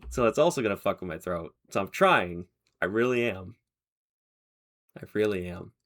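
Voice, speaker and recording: A man's voice: on the low side, animated, normal speed, fairly bright tone. A man streaming a game, chatting casually and laughing at himself, his voice tired from hours of talking. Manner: chatty, self-deprecating, laughing asides. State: tired voice after long talking. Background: game music.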